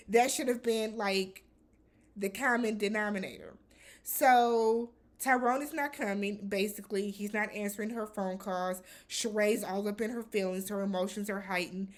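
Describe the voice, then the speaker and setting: A woman hosting a casual reality TV recap, talking in a blunt, animated way with some swearing. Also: medium pitch, moderate pace.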